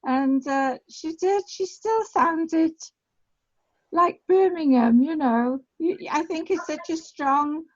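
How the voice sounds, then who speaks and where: A woman with a high voice talks slowly and chattily, often going back over what she has said. Her voice comes through the dull, lo-fi sound of a video call. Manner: chatty, repeats herself. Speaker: online class participant. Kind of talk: casual chat.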